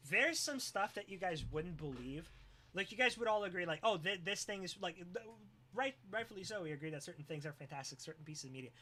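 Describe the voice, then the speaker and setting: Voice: mid-range voice, lively intonation, fast, pushed and bright. A live streamer chatting casually with viewers, joking, teasing and often breaking into laughter.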